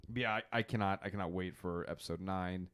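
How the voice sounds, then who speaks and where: A young man co-hosting a podcast in a casual, excitable, jokey chat. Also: sits low, fast, clean tone. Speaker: podcast co-host.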